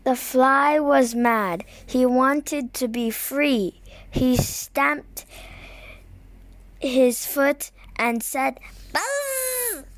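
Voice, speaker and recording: High, slow woman reading a storybook. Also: fairly even intonation, no echo. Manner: slow, deliberate reading with occasional slips. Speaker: reader. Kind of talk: reading a children's picture book aloud.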